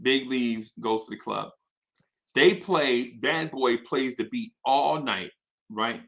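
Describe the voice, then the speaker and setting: With a slow, gravelly voice of medium pitch, a man hosting a live show recounts an anecdote energetically. He restarts often and checks in with the audience by asking "right?"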